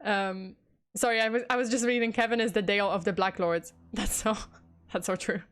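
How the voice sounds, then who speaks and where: A woman's voice: mid-range voice, fairly even intonation, brisk, smooth. A young woman telling a true crime story on a livestream, greeting chat viewers between parts and laughing and swearing casually. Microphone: desktop USB mic.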